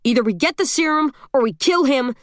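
A woman's voice: high voice, expressive, a little fast, dry recording, studio quality, voice pushed up. An impatient armed man soldier, read by a woman. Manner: curt and impatient.

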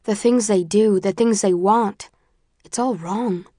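A woman reading a first-person story aloud in a measured, often quiet and subdued way. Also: medium pitch, dry recording, clean studio sound. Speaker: audiobook narrator. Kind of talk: first-person audiobook narration.

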